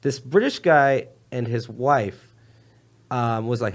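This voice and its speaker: A man's voice: medium pitch, animated, moderate pace. A young man telling a rambling story in casual podcast chat, laughing often and jumping between tangents. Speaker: comedian guest.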